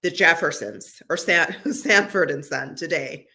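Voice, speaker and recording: A woman's voice: deep voice, a little slow, sharp tone. A middle-aged woman co-hosting a podcast, talking earnestly in casual conversation with frequent restarts. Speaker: podcast co-host.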